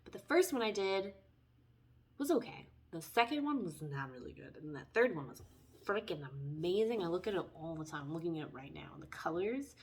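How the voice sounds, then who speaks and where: A chatty woman reads tarot cards and talks straight to her viewers. She wanders into side stories and apologizes for them. Her voice swings between loud bursts and soft, near-whispered asides. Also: lowish voice, brisk. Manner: chatty, tangents, lively swings in loudness. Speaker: tarot reader. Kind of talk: casual spoken tarot reading.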